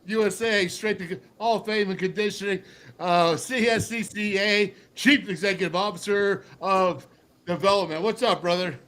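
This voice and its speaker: A man's voice: high-pitched, fairly even intonation, moderate pace, a bit bright. A man hosting a casual sports talk show, jokey and upbeat, laughing easily as he brings on his panel.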